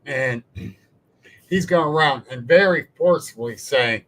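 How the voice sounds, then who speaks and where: A man hosting a podcast, telling a story in a blunt, salty and animated way. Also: mid-range voice, slow, low-quality recording. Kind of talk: casual storytelling chat.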